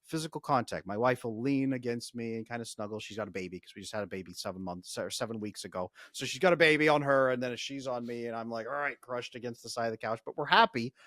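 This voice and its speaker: Energetic man coaching on a podcast. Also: medium pitch, fast, few pauses, no room sound, studio quality. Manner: energetic, talks through ideas with frequent restarts. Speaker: podcast guest, relationship coach. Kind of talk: casual explanatory podcast talk.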